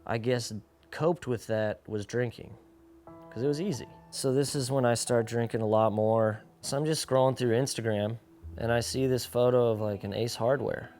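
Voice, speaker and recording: A man's voice: medium pitch, fairly even intonation, normal speed, a little mellow, soft background music. A young man, a pro skateboarder, candidly telling his personal story in a casual, slangy way, filling his talk with "like" and acting out the lines of other people. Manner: casual, slangy, full of "like", acts out quoted dialogue.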